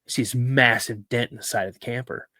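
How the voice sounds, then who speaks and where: A man, a podcast host on as a guest, telling a story in a casual, animated way, acting out the voices he quotes and using plenty of fillers. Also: mid-range voice, fast, no room sound.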